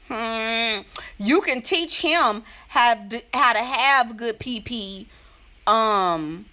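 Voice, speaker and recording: Lively, bright-voiced woman giving sassy advice. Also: on the high side. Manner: playful, laughing, sassy. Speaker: advice vlogger answering letters. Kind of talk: casual advice chat.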